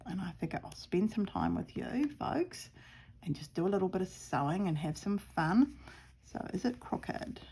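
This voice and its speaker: A woman's voice: lowish voice, very animated, normal speed, warm tone, breathy edge. A middle-aged woman with a New Zealand accent, chatting away in a rambling, self-deprecating way as she sews outdoors at home, sometimes dropping to a murmur. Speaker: sewing vlogger. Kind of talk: casual crafting chat.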